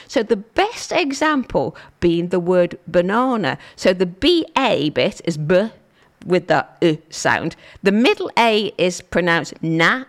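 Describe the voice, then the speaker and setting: A woman from England presenting on radio in a chatty, self-mocking way, laughing often. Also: mid-range voice. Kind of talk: casual radio chat.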